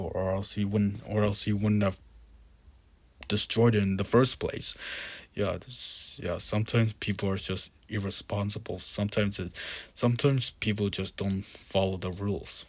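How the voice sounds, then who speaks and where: A man's voice: fairly low pitch, a little mellow. A man reading a horror story aloud with casual asides, often restarting and correcting himself. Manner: frequent restarts and self-corrections. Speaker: scary story narrator.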